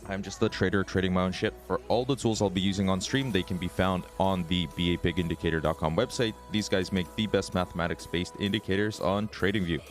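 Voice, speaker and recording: A man with a raspy voice, chatting casually as a trading streamer, relaxed and swearing now and then. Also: low voice, quick pace, few pauses, soft background music. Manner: relaxed, swears, laughs often. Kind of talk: casual live-stream chat.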